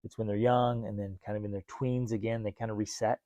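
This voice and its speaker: A man's voice: lowish voice, fast, no echo. A middle-aged man co-hosting a casual parenting podcast, talking animatedly and acting out bits of dialogue. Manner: animated, acts out quoted dialogue. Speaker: podcast co-host.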